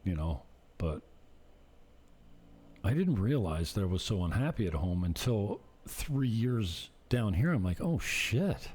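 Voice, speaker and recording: A man vlogging in a casual, rambling monologue, self-deprecating and drifting off topic, with a husky voice. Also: low voice, mellow.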